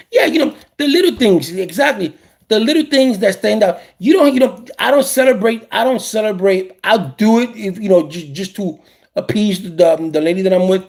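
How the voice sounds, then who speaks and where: A man hosting a casual talk show, sharing opinions in an animated way and often repeating or restarting his phrases. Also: sits high. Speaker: podcast host.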